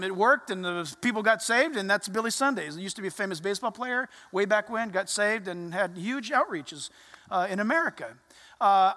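A pastor preaching a sermon in a church, animated, acting out voices and dropping to quiet asides. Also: medium pitch, big-room sound.

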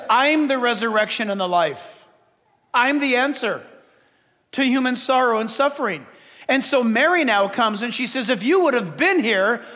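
High-voiced preacher in a reverberant church. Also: male voice, fairly bright tone. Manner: preaching with rising, impassioned emphasis. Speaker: pastor. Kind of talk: sermon. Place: church sanctuary.

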